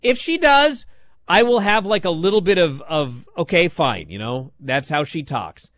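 A man co-hosting a casual podcast, ranting in an animated, exasperated way and mocking lines by reading them aloud. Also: high-pitched, a little slow, no echo, clean studio sound. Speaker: podcast co-host. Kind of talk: casual wrestling discussion.

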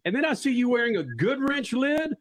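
A man's voice: extremely high pitch, a little fast. Keyed-up male radio host. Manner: excited, rambling, talks to guest like a buddy. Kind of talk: casual radio talk. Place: radio studio.

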